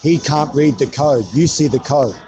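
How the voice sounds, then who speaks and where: A man's voice: fairly high pitch, moderate pace, dull audio. A man co-hosting a podcast, speaking in an emphatic, affirming way in casual chat. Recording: distant mic with loud music behind.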